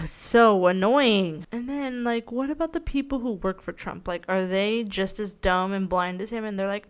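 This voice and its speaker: Woman podcast host, casual solo rant, frank, rambling, curses a lot, mid-pitched voice. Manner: frank, rambling, swears freely, self-mocking.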